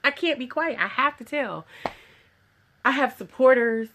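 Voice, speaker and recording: A woman's voice: high-pitched, animated, unhurried, fairly bright tone, slight background noise. A woman, a small business owner, giving an earnest, rambling personal testimony in a casual vlog, recorded at home in her sewing room. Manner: earnest, rambling with restarts and quoted voices.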